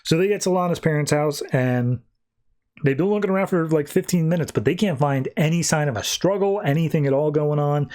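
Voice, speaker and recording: A man's voice: a little high, brisk, darkish tone. A man hosting a podcast, casually recapping a comic book in a chatty way, with lots of fillers. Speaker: podcast host.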